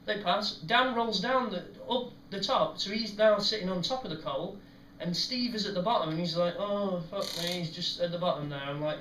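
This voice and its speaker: A man's voice: on the high side, slight background noise. Rambling young man, echoey room. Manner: rambling, many ums, animated when retelling. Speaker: podcast host. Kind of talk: casual storytelling monologue. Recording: echoey room, mic at a distance.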